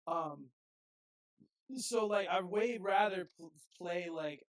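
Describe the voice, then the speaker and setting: A slightly high-voiced man chats as a podcast guest. He is laid-back and strings his thoughts together with fillers. The recording is dry and close. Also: slow pace, no room sound, rough recording. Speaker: band frontman and guest. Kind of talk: casual podcast chat.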